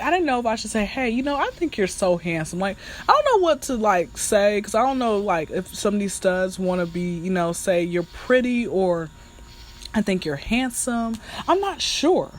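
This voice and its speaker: A woman hosting a candid solo podcast, telling frank stories with laughs and talking straight to her listeners. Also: medium pitch. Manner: chatty and animated, addressing listeners as y'all. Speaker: podcast host.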